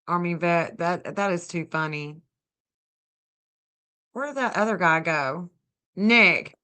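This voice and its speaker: A woman's voice: on the low side, slow, pushed and bright, clear, resonant tone. A woman hosting a casual livestream, gushing over viewers and thanking them by name. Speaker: livestream host and astrologer.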